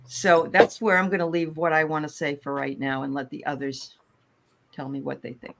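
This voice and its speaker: A woman's voice: low-pitched, flat delivery, moderate pace, gravelly. A woman hosts a live-streamed dream reading in a loose, chatty way. She reads out viewer dreams and reacts to each with frequent small interjections. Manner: chatty, warm interjections and fillers.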